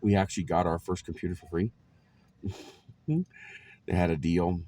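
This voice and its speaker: A man's voice: deep voice, unhurried, mellow. A man in his forties casually telling stories about his life to camera, rambling along with lots of ums and chuckles. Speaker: vlogger.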